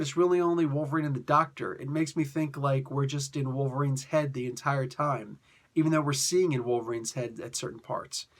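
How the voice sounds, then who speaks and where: Rambling man reviewing comics, fairly high voice. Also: fairly bright tone. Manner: rambling, exasperated asides, frequent fillers and restarts. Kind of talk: casual spoken review.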